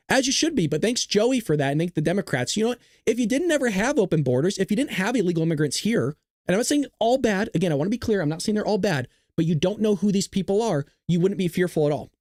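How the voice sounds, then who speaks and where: A man hosting a live-streamed political news show, excitable and joking, arguing straight back at his chat. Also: sits high, no echo, studio quality. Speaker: livestream news host.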